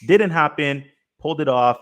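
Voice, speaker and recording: A man's voice: a little high, normal speed. A man moderating a live crypto panel, who talks in a conversational way and steers the discussion to new topics.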